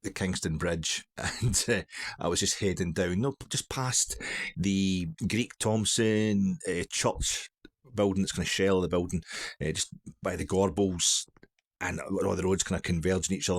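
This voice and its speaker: A man's voice: low voice, normal speed, gravelly, breathy edge. A middle-aged man with a Glaswegian accent, telling a rambling, self-mocking story in a casual monologue. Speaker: vlogger.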